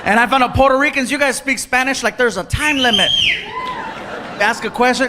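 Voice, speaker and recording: Animated male stand-up comic, high voice. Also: brisk. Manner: animated, acts out voices and yells punchlines. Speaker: stand-up comedian. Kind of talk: stand-up storytelling. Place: theater stage. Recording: live show with loud crowd and noise.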